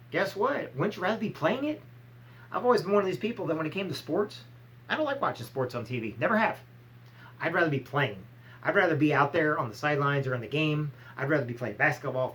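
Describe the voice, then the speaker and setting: A man's voice: fairly high pitch, fairly bright tone, rough recording. A man giving a blunt, emphatic motivational talk, firing rhetorical questions and acting out short scolding exchanges. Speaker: motivational speaker.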